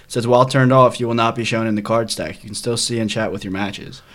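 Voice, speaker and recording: Young man, podcast co-host, casual, explaining, repeats words, mid-pitched voice. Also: steady tone, quick pace, fairly bright tone. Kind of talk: casual chat.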